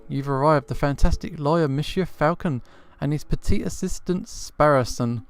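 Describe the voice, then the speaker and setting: Young noble cat girl put on by a man, prim, childlike chatter, fairly high. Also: moderate pace, clean tone, dry recording, faint music behind, natural voice.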